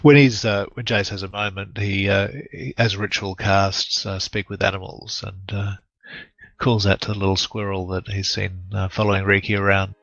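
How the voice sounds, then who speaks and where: A man playing a tabletop game, narrating his character in a relaxed, hesitant way, on a dull lo-fi mic. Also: deep voice, moderate pace, creaky, dry recording, soft background music. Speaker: player.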